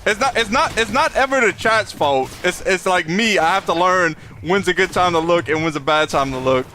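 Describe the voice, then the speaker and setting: Young male streamer, casual and talkative, reads chat and laughs a lot; light, high voice. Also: moderate pace, pushed and bright, slight background noise. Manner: chatty, reads chat aloud, laughs often. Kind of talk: live gameplay commentary.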